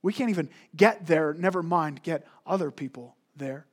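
A man's voice: fairly high pitch, moderate pace, breathy edge. A man preaching a sermon as a pastor, emphatic, with rhetorical questions and repeated words.

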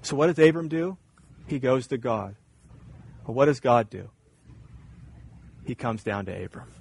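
A man's voice: medium pitch, lively intonation, a little slow, gravelly, a little mellow, slight background noise. A man preaching a sermon as pastor, earnest and emphatic, repeating his key points.

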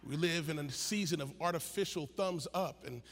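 High-voiced, bright male preacher in a hall. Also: moderate pace. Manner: builds to shouted, sing-song preaching cadence. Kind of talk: sermon. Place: large conference hall. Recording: long hall reverb, faint ambient noise.

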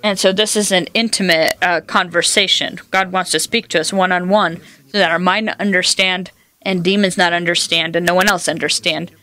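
A woman's voice: lowish voice, steady tone, moderate pace, bright, forceful tone. A woman preaching a sermon, telling personal stories and quoting scripture in an earnest way. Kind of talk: sermon teaching.

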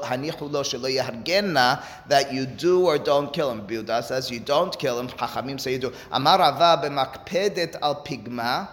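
A man's voice: mid-range voice, fairly bright tone. A man giving a Talmud study lecture, explaining step by step and posing rhetorical questions to his listeners. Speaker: Talmud teacher. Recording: echoey hall with long reverb.

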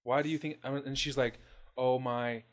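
A man's voice: mid-range voice, measured pace. Profane, laughing man telling stories. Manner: profane, laughing, animated storytelling. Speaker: podcast co-host. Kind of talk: casual chat.

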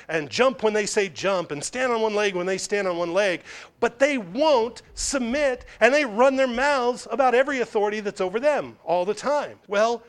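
A male pastor preaching a verse-by-verse sermon, emphatic and dropping low and quiet to drive points home.

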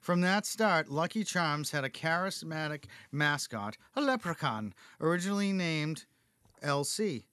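A man's voice: on the high side, animated, measured pace, bright, forceful tone, clear, resonant tone, no echo. A male podcast host casually reading cereal history from notes, cracking jokes and laughing often. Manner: jokey, laughs often, reads notes aloud.

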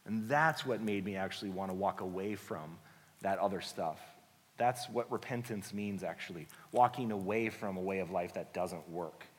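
A man preaching a sermon in a conversational, earnest way, dropping soft and slow for reassuring lines. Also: deep voice. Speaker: guest preacher, book author. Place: church sanctuary. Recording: long church hall reverb.

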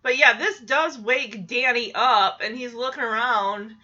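Giggly, high-voiced woman recapping a show. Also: measured pace, lo-fi sound. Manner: chatty, giggly, animated retelling. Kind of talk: casual recap chat.

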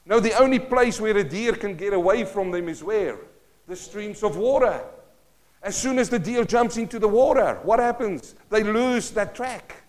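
A man in his fifties with a South African accent, preaching a sermon with passion, swinging between loud declarations and hushed asides. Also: sits high, moderate pace. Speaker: pastor.

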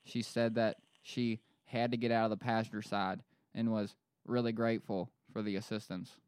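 Podcast co-host, man from Pennsylvania, joking, smooth clear voice, dry close sound. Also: fairly low pitch, little pitch movement, normal speed, darkish tone, no echo. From Pennsylvania, USA. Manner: joking, reads news aloud. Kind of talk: casual podcast chat.

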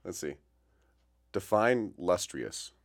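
A man's voice: sits low, sing-song, takes it slowly. A man co-hosting a podcast, chatting in a laid-back, joking way in a small office. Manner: laid-back, joking, says "bro" and "dude". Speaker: podcast co-host. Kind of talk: casual chat.

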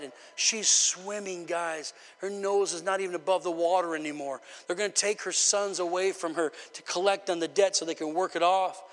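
A man's voice: high voice, fairly even intonation, moderate pace, hardly any pauses, a bit bright. A man preaching a sermon in an emphatic, repetitive style, often stammering on restarts. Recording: long hall reverb.

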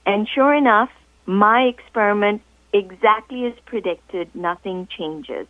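A woman guest author telling a story in a radio interview, explaining in a measured, deliberate way over the phone. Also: mid-range voice, dry recording. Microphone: telephone. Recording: tinny phone line, dry.

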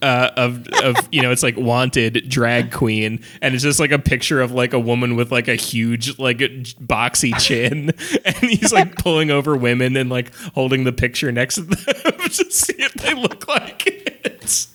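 A man's voice: mid-range voice, expressive, a little slow, hardly any pauses, a bit bright. A man on a podcast casually recapping a movie plot, rambling with lots of fillers and laughing as he retells scenes. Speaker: podcast co-host.

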